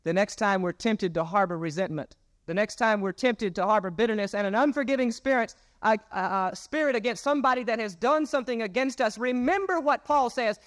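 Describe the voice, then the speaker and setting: Male pastor, earnest sermon delivery, high-pitched voice, repeats phrases for weight. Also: a little fast, fairly bright tone, dry recording, studio quality. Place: church sanctuary.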